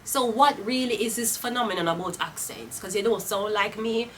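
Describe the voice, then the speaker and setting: A woman with a Jamaican accent does a tarot reading in a blunt, casual, profane style, sliding into patois. She talks at medium pitch and normal speed. The audio has a little hiss or hum, and she sounds a bit off-mic.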